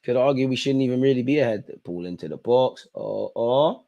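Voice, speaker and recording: A man's voice: medium pitch, animated, a little fast, creaky, mellow, dull audio. A young man hosting a live football watch-along, reacting to the match in an exasperated way and talking straight at the players and the referee.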